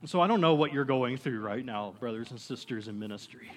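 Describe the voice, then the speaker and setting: A young man preaching a sermon to a congregation as a youth pastor, earnest and rising into excited bursts. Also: medium pitch, fairly quick, a little hiss or hum.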